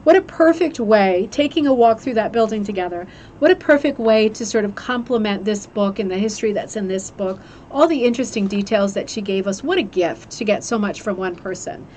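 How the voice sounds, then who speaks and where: A woman's voice: mid-range voice, expressive, fairly quick, darkish tone, slight background noise. A woman hosting a craft club livestream, chatting casually about a book and gushing with fillers and restarts. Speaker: host of a rug hooking club livestream. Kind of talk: casual chat, reviewing a book.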